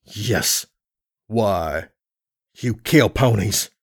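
A scheming stallion warlord voiced by a man talks low and quiet, every line laced with contempt. His voice sits close and dry, with no room around it. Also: lively intonation, drawn-out words, slightly rough, no room sound, heavily acted. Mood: cold contempt.

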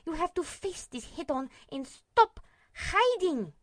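A woman voicing a calm, insistent male pony therapist who pushes his patient to face her fears. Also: a little high, measured pace, dry recording. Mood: urgent. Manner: steady, insistent, at times whispering.

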